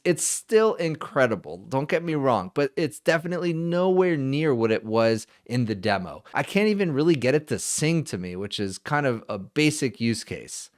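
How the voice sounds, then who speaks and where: Man, tech vlog host, casual review, direct, conversational, mid pitch. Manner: direct, conversational, mildly critical.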